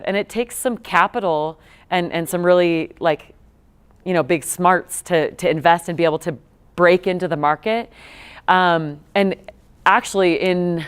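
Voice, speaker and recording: Her voice sits on the low side and sounds clear and resonant. The woman, in her thirties and co-founder of a nonprofit, gives a guest talk to students in a lecture room, recounting stories chattily with many fillers and restarts.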